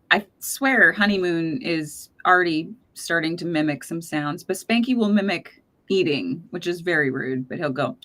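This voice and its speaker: A woman with a somewhat low voice chats casually as a podcast host. She talks freely, laughs often, and lets her sentences trail off as she goes. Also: a bit bright. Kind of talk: casual chat.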